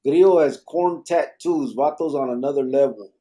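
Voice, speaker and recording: A man in his forties co-hosting a live podcast, easygoing, reading out viewer comments and adding quick quips. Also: medium pitch, mellow. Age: 40s. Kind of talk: casual live podcast chat.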